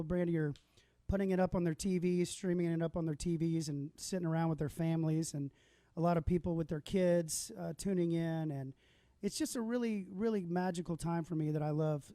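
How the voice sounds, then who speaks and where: The livestream host here has a slightly high, mellow voice and chats easygoingly with a guest, telling stories and laughing often. The audio is dry, with no room sound.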